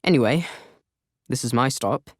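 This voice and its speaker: A man's voice: mid-range voice, normal speed, no room sound, clean studio sound, lightly acted. A man voicing a chatty older stranger who talks with a slight accent and rambles earnestly. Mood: earnest rambling.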